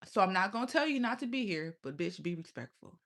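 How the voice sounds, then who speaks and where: A woman's voice: mid-range voice, very animated, fairly quick, fairly bright tone. A young adult woman talking casually and bluntly on a livestream, often profane and laughing. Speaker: live streamer.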